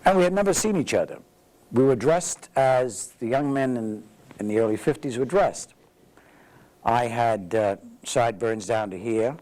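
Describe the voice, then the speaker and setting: A man's voice: medium pitch, moderate pace, low-quality recording. Older New man spinning a story. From the Bronx, New York. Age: 80s. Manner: lively storyteller who acts out dialogue. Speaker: veteran interviewee. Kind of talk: anecdotal storytelling.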